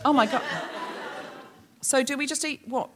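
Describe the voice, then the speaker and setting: A woman's voice: high voice, moderate pace, a faint crowd. A woman co-hosting a live comedy podcast on stage, chatting with a theatrical, laughing delivery. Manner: animated and theatrical, laughing while explaining. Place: on stage at a London concert hall before a live audience.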